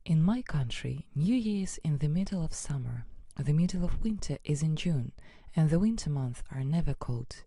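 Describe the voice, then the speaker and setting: A woman reading a scripted educational narration in an even, measured way. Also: deep voice, no room sound.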